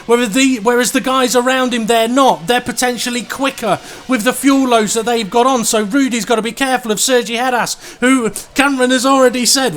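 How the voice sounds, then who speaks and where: A man doing live race commentary, who gets excited during close battles. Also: very high-pitched. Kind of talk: live sim racing commentary.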